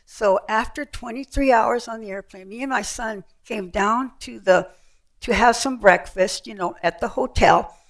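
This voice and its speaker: A woman's voice: a little high, normal speed. An older woman giving an author's talk, telling travel stories with slides and acting out the people she met. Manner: lively storyteller, acts out voices. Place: heritage center event room with audience.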